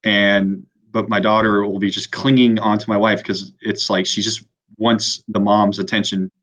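A man's voice: lowish voice, flat delivery, a bit bright. A man calling in to an advice show, speaking hesitantly with many restarts. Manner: hesitant, halting. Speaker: caller. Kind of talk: phone-in conversation.

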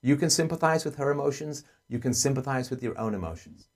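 A man hosting a call-in advice show, earnestly explaining and acting out gentle parent dialogue. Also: mid-range voice, fast.

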